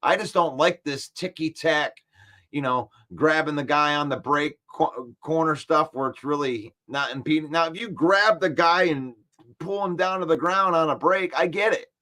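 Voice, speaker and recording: A sports talk show host with a fairly high voice runs a casual live-stream football chat at a moderate pace. He reads viewer comments aloud and argues back firmly, sounding animated and defensive.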